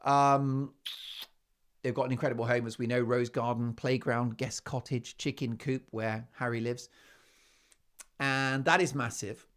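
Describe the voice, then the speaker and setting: A British man hosting a talk show, delivering a sarcastic, emphatic monologue that swings between loud and quiet. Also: medium pitch, level tone, unhurried. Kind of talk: opinionated monologue.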